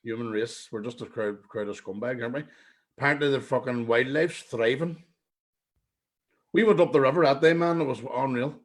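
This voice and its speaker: A young man with a Northern Irish accent chatting casually on a podcast, teasing his co-host and throwing in quick questions. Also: medium pitch. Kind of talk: casual chat.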